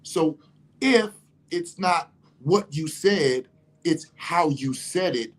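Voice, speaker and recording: A man holding forth in an impassioned monologue, swearing freely and leaning hard on his words. He shifts between calm explaining and loud, heated shouting. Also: on the high side, takes it slowly. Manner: profane, emphatic, rising to shouts. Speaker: monologue speaker.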